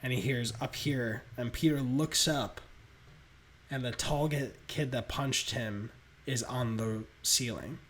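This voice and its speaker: A man hosting a podcast, pitching a movie plot scene by scene in an animated, laugh-filled way. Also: slow. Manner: animated storytelling, laughs between beats. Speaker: podcast host. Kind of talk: casual movie pitch narration.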